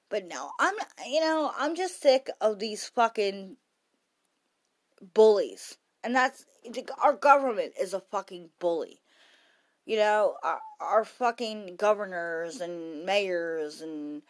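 A tired woman in a late-night, rambling monologue, heavy on swearing and punchy emphasis. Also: mid-range voice. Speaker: vlogger.

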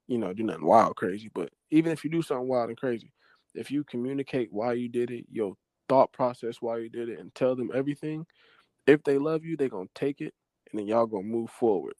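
A young man at a mid-range pitch gives earnest relationship advice as a podcast guest. He speaks loosely and conversationally, straight to the listeners, in a dry close room. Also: lively intonation, brisk, darkish tone, no room sound. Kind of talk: casual chat.

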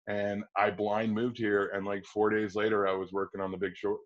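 A man in his forties from Wisconsin, an actor telling stories in a casual interview and acting out quotes in a high excited voice. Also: moderate pace. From Wisconsin, USA. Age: 40s. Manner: animated storyteller, acts out quotes in a high excited voice. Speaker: actor guest. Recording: dull lo-fi audio.

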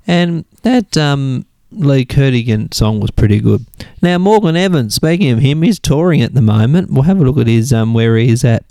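A man's voice: medium pitch, lively intonation, moderate pace, hardly any pauses, warm tone, dry recording. A man with an Australian accent hosting a casual radio music show, rambling and thinking aloud as he looks things up between songs. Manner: rambling, thinks aloud while searching online. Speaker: radio host.

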